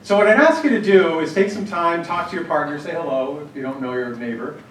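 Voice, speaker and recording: At a church-planning workshop, a man with a fairly high voice tells stories to a live audience in an easygoing way, frequently pausing on fillers and starting sentences over. The mic is some distance away, so the hall's echo lingers on his words, with faint room ambience and a little background noise underneath.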